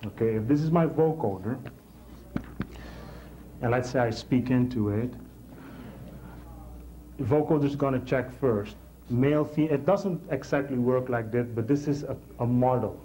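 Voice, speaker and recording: A man teaching a technical class in a classroom, halting and repeating words as he explains and checking in with the class. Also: mid-range voice, dark tone, slight background noise, poor audio. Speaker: instructor.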